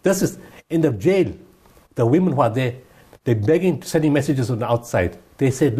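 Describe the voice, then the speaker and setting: A man's voice: medium pitch, animated, normal speed, mellow, husky. A man giving impassioned interview answers, emphatic and repeating his points. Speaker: guest humanitarian speaker.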